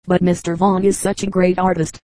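A woman's voice: fairly low pitch, level tone, brisk, dark tone, no room sound, natural voice, low-quality recording. A woman voicing a shy, modest boy artist who talks himself down.

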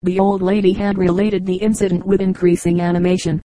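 A woman reading a collection of short humorous stories aloud as an audiobook narrator, in a steady storytelling manner. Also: fairly low pitch, fairly quick, no echo, poor audio. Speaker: audiobook reader. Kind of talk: scripted narration.

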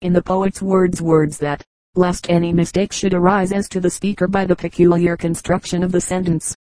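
A woman reading a humorous essay aloud as an audiobook narrator, with a measured, mock-grand delivery. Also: on the low side, little pitch movement, dark tone, no room sound, rough recording. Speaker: audiobook reader.

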